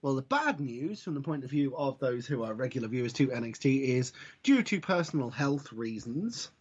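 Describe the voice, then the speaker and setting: A man with a husky voice co-hosts a wrestling podcast, chatting in a dry, wry tone full of asides. He sounds dull and lo-fi, like an ordinary home podcast recording. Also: medium pitch, big pitch swings, normal speed. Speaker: podcast co-host. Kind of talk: casual wrestling chat.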